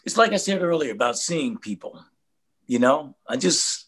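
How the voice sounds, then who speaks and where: An older man, a guest and radio host, talking in a relaxed, reflective way about his career in an interview. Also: on the high side, normal speed, breathy edge. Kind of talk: casual interview chat.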